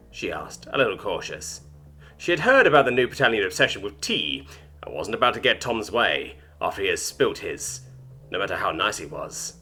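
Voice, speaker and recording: Expressive male storyteller with a husky voice. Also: fairly low pitch, brisk, soft background music. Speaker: story narrator. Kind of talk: scripted narration.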